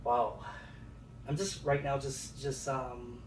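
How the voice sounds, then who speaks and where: Excited man vlogging at home, halting and emotional, in an echoey space with traffic noise. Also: medium pitch. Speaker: vlogger unboxing a piano. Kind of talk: casual home video vlog. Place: at home by the front door. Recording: echoey, distant, noisy with passing traffic.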